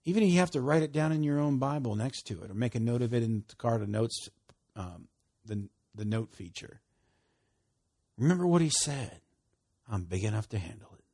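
A man preaching with a husky voice that swings up and down in pitch. He reads scripture aloud, laughs often and drops to quiet asides between louder lines. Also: a little fast. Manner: animated, laughing often, dropping to soft asides. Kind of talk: sermon.

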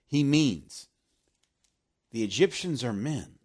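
A man preaching a sermon, swinging from loud emphasis down to hushed, almost whispered lines. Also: medium pitch, breathy edge.

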